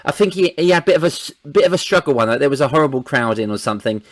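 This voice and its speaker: A man's voice: medium pitch, expressive, racing, no echo. A man hosting a casual chat, laughing often as he reminisces about old shows. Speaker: podcast host.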